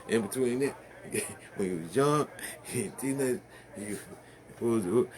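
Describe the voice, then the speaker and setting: A man's voice: medium pitch, slow pace. A man ranting casually to the camera, rambling and profane, stumbling over fillers and laughing at his own jokes.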